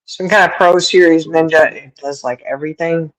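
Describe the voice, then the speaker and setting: Her voice is deep and steady at a normal speed as this middle-aged woman hosts a livestream, chatting and laughing frequently while fielding viewer questions. The streaming setup produces a rough recording.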